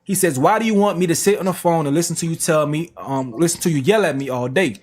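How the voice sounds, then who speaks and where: A man's voice: on the high side, fast talker. A man reading text messages aloud on a reaction stream, with slangy asides. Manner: plain reading broken by slang asides and laughs.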